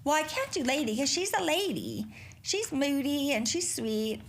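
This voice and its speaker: Lively, foul-mouthed middle-aged woman host. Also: high-pitched, moderate pace, slight background noise. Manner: profane, rambling and animated. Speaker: podcast host. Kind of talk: casual solo podcast chat.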